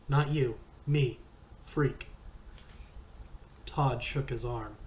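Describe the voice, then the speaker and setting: Slow, measured male reader. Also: medium pitch, slight background noise, poor audio. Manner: slow, measured first-person reading. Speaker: audiobook reader. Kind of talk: reading a novel aloud.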